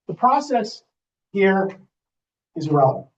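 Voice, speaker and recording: A man's voice: high voice, expressive, normal speed, long pauses. A man, a real estate trainer, teaching a live class in a training room and often checking in with the audience as he talks. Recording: dull, muffled recording.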